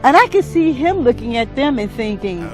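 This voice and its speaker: A woman hosting her own vlog, giving a gentle, earnest inspirational Christian talk. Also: fairly high pitch, big pitch swings, normal speed, faint music behind, low-quality recording. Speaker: vlog host.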